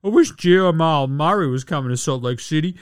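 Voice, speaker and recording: A man's voice: on the high side, animated, a little fast, clean tone, dry recording, studio quality. A man hosting a casual sports podcast, swearing freely and mocking players with sarcastic impressions. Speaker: podcast host.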